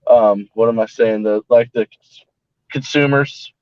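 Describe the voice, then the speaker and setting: A man chats as a guest on a panel, halting often and filling his sentences with "like" and "uh." His voice is dry and close, with a dull, lo-fi video call sound. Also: mid-range voice, fairly even intonation, darkish tone, no room sound. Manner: hesitant, fills with "like" and "uh". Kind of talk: casual panel chat.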